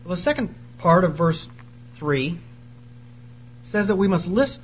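A man's voice: high-pitched, animated, measured pace, highs cut off, slight background noise. A man preaching an earnest, emphatic sermon and reading scripture aloud.

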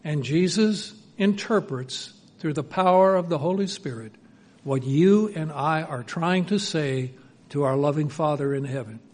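Male preacher, slightly high voice, earnest, moves between hushed and emphatic delivery. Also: unhurried. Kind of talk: sermon.

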